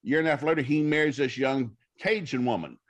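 The audio sounds dull as a man with a mid-range voice talks fast. He's a minister on a talk show, sharing folksy, preacher-style stories and dramatizing the people he quotes.

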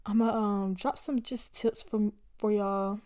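A young woman in her twenties chats on her podcast in a loose, slangy way and often speaks straight to her listeners. Her voice is mellow and warm, with a relaxed, unhurried feel. She keeps the talk animated even through the asides. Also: medium pitch, clear, resonant tone. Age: 20s. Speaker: podcast host. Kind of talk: casual storytelling chat.

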